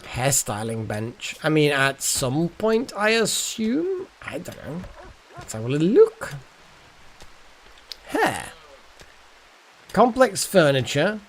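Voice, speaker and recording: A man's voice: a little high, huge pitch swings, takes it slowly, long pauses, slight background noise. A man streaming a colony-building game live, thinking aloud with muttered asides and wry jokes. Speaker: gaming streamer. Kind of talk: live gameplay commentary.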